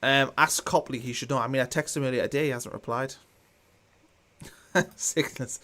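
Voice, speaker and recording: A man's voice: mid-range voice, steady tone, normal speed, pauses often, fairly bright tone. A man hosting a live football watchalong, chatting casually and reading out viewer comments with a dry, mildly sarcastic tone. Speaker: watchalong host.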